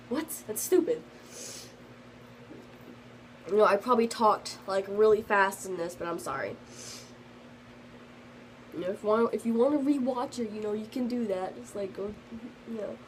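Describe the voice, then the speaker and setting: A woman's voice: medium pitch, a little fast, a little hiss or hum, poor audio. Rambling teenage girl telling a story. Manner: rambling, lots of fillers. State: slightly sick. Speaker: vlogger. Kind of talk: casual storytime vlog.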